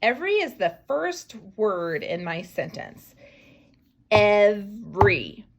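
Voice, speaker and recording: A woman teaching a young class to write a sentence, slowly sounding out each word, syllable and letter and often dropping to soft, half-whispered phonics sounds. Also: medium pitch, sing-song, creaky, dull audio. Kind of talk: early-grade writing lesson, sounding out words.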